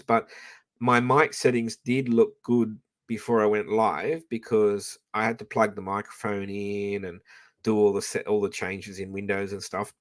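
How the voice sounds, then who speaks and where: A man's voice: lowish voice, a bit bright. A man hosting a livestream, chatting in a rambling, profane way with frequent restarts, on a professional microphone. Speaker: livestream host. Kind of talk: rambling live-stream chat.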